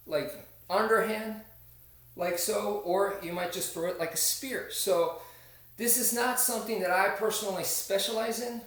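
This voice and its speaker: Male martial arts instructor, slightly high voice, patient drill-by-drill teaching, heard from a distance in a very reverberant room. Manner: explains step by step, counts out strikes, frequent "okay?". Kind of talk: instructional demonstration. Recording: echoey room, distant camera.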